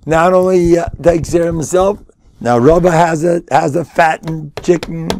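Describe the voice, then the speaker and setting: An older man giving a Torah lecture, emphatic and repetitive, rising into loud insistent bursts. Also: on the high side, steady tone, normal speed, gravelly, dry recording, studio quality. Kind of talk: sermon-style Torah lecture.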